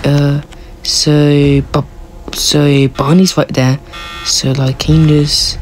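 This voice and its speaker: A woman giving excitable, casual commentary while playing a horror game, yelping, laughing and talking to her teammates. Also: a bass voice, slow pace, soft background music. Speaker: gaming video creator.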